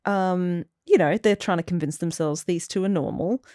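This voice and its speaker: A woman's voice: on the low side, normal speed, dry recording, clean studio sound. A young adult woman co-hosting a podcast, chatting casually and giggling as she recaps a sitcom. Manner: giggly, animated, quotes lines in exaggerated voices. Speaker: podcast co-host.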